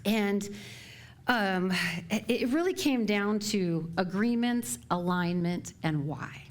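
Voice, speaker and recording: A middle-aged woman minister speaking to her congregation in a relaxed, conversational sermon. She chats her way through family stories and often laughs along the way. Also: medium pitch, takes it slowly. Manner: chatty and warm, laughing often while telling stories. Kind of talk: sermon talk. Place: church sanctuary before a live congregation.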